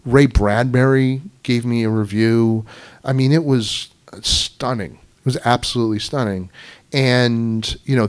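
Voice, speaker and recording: Chatty man telling stories to a club. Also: medium pitch. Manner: chatty, anecdotal, many "you know" fillers. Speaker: guest speaker at a writers club. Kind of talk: casual storytelling talk to an audience. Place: club meeting room.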